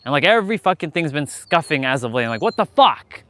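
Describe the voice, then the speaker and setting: A man walks outdoors live-streaming on a handheld gimbal camera, talking candidly and motivationally while swearing often. His voice is a little high, very animated and fairly bright, a little fast with hardly any pauses. It's casual live-stream chatter on the move.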